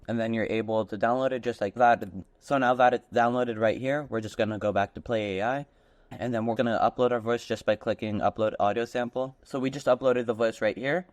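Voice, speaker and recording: A man hosting a casual tutorial, walking through software step by step and stringing steps together with "and then". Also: mid-range voice, no room sound. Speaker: tutorial host. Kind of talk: screen-recorded software walkthrough.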